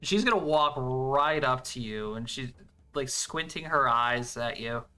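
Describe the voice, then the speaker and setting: A man's voice: medium pitch, animated, unhurried, sharp tone, smooth, soft background music. A man narrating as game master in a tabletop role-playing game, describing scenes loosely with many fillers.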